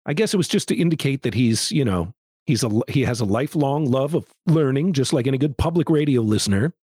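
A man's voice: mid-range voice, animated, quick pace, mellow, breathy edge, no room sound. A man co-hosting a podcast, recapping a movie in casual chat with wry, meandering asides and dry jokes. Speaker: podcast co-host.

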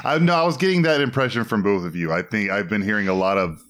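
A man's voice: on the low side, quick pace, fairly bright tone. A man hosting a casual podcast about films, talking hesitantly with fillers and restarts. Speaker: podcast host. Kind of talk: casual film discussion.

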